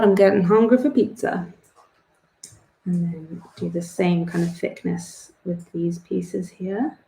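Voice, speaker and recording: In an echoey room, a young woman with a low-ish, creaky, dark voice hosts an art club, drawing while she chats. It's a chatty drawing tutorial, rambling and self-deprecating, and she laughs at herself.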